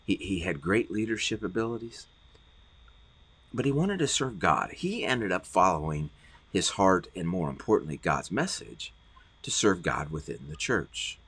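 A middle-aged male pastor delivering a podcast sermon in an earnest, heartfelt way, often doubling words as he presses a point. His voice sits low and a little husky, and his pitch rises and falls with lively emphasis. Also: moderate pace. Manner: earnest, repeats words when stressing points.

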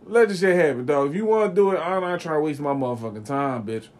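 Young guy, higher-pitched, loose and profane; casual chat, laughs a lot. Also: animated, fast, darkish tone. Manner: profane, slangy, laughs often.

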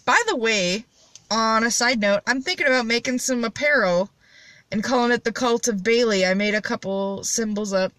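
A young woman hosting a casual solo chat, high and rambling with blunt, profane jokes. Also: moderate pace, fairly bright tone, dry recording. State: high on cannabis. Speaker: podcast host.

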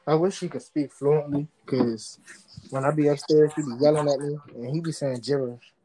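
A young man chatting casually on a podcast as a guest, telling stories in relaxed slang. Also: fairly high pitch, moderate pace, low-quality recording. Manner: relaxed slangy storytelling, playful. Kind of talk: casual chat.

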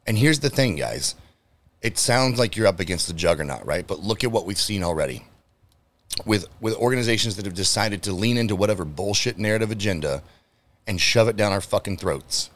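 A man's voice: lowish voice, expressive, fairly quick, fairly bright tone. A man hosting his own podcast, delivering a heated, profanity-heavy solo rant straight to his listeners. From United States. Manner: direct address to listeners. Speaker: podcast host.

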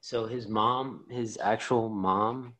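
A young man, a podcast guest, chatting casually and teasing the hosts, sometimes putting on a deep radio voice. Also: steady tone, slow pace, over a noisy crowd.

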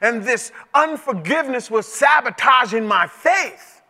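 A male pastor preaching a sermon in a conversational storytelling way that climbs to emotional shouts. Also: extremely high pitch, lively intonation, measured pace. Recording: echoey hall with long reverb.

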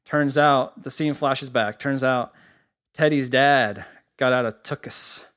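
A man co-hosting a casual podcast, telling a story with animated, profane energy. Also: medium pitch, takes it slowly. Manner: animated storyteller, swears freely. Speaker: podcast co-host.

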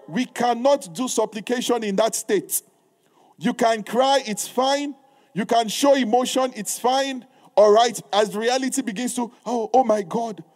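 High-voiced emphatic male preacher. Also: a little mellow. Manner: reads scripture aloud in old-style wording. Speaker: pastor. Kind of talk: sermon.

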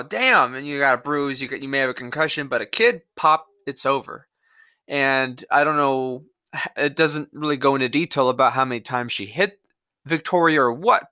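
A man's voice: medium pitch, sharp tone, no room sound, clean studio sound. Angry, profane man ranting on a podcast. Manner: angry, profane, rambling monologue. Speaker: podcast host. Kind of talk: solo political podcast rant.

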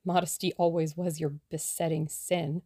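A woman's voice: low-pitched, level tone, moderate pace, dark tone, husky, no echo. A woman voicing a dry-witted young man.

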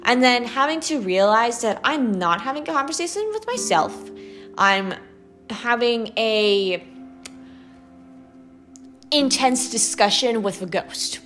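A young woman with a Valley Girl accent, hosting a student podcast in an animated, chatty way, full of "like" and "okay". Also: a little high, slow, pauses often, faint music behind. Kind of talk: casual solo podcast monologue.

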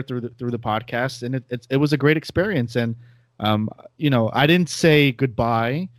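A man's voice: medium pitch, no echo. A man, chatting casually as a podcast guest in a rambling, self-deprecating way. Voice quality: nasal. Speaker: podcast guest, former host. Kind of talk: casual chat.

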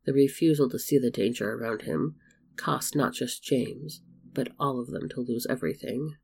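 A man narrating a story in a steady, measured reading voice. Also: medium pitch, creaky, slight background noise. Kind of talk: storybook fan fiction reading.

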